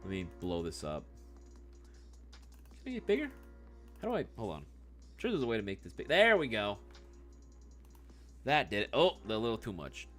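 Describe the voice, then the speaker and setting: A man's voice: fairly low pitch, wildly swooping pitch, moderate pace, pauses often, fairly bright tone. A young man hosting a casual livestream, reading chat questions, laughing often, swearing freely and calling people bro. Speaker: livestream host answering chat. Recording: faint music behind voice.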